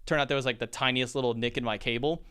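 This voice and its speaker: A man telling stories in a casual chat. He talks quickly and rambles, with plenty of fillers and restarts. His voice is clear and crisp. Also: mid-range voice, steady tone, a bit bright. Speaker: esports caster and podcast guest.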